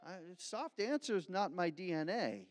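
A man's voice: high voice, sing-song, normal speed. A male pastor from Philadelphia giving a conversational, self-deprecating sermon. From Philadelphia, USA. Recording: long hall reverb.

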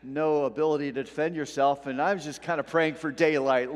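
A man's voice: on the high side, fairly even intonation, a little fast. A man preaching a sermon in a church, in a conversational way with joking asides to the congregation. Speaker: pastor. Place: church sanctuary. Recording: long hall reverb.

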